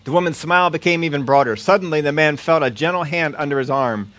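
Man reading a story, fairly high voice. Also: fast talker, dry recording. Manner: steady storytelling, occasional slips. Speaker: preacher. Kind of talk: reading a story as sermon illustration.

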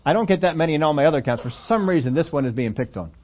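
Guy preaching, kinda high voice, earnest, goes off on tangents, dull lo-fi church recording. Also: lively intonation, rapid-fire. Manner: earnest preaching, reads scripture aloud, rambling asides. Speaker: pastor. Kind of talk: sermon.

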